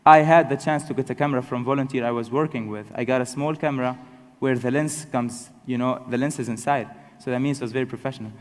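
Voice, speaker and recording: A young man giving a personal storytelling talk to an audience, halting and self-correcting but good-humored. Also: medium pitch. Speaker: speaker telling his story to an audience. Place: large hall with an audience. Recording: long hall reverb.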